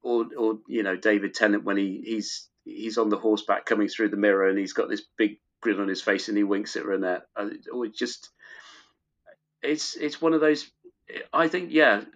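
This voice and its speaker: A middle-aged man as a podcast guest, chatting fondly and rambling with many restarts. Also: on the low side. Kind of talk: casual chat. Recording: dull lo-fi recording.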